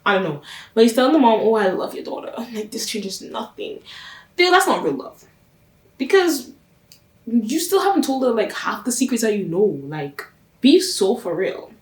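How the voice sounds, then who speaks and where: On her reaction channel, a woman with a fairly high, sing-song voice runs through a TV series at a normal speed, gossipy and emphatic, repeating herself for effect. She sounds roomy and off-mic, recorded from a distance.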